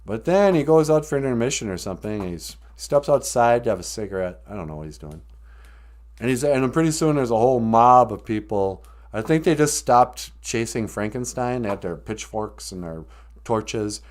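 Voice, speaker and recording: A man hosting a comedy live stream, telling a rambling, jokey story with lots of pitch swings. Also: expressive, moderate pace, darkish tone. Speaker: comedian host.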